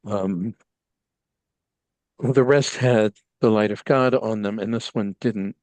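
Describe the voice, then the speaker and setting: A man's voice: lowish voice, fairly even intonation, slow pace, darkish tone, no room sound. A man voicing an odd, naive and devout woman in a tabletop game, talking earnestly and rambling with many ums. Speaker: player.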